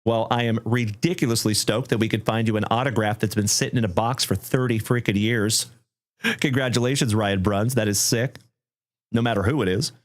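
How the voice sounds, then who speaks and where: A man hosting a livestream trading card break, thanking viewers effusively and calling out cards with excitement. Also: fairly low pitch, a little fast. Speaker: live card break host.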